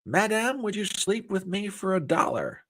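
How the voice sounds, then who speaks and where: A sly, haughty old-time comedian's voice , as a man puts it on, pitched well above a normal speaking voice. The drawl is dry and mocking, with a lively rise and fall. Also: normal speed, slight background noise, exaggerated voice.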